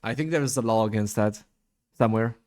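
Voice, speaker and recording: A young man chatting on a voice call late at night, halting and stammering, often apologizing. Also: lowish voice, darkish tone, dry recording. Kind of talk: casual chat. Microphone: desk mic with noise suppression on voice call.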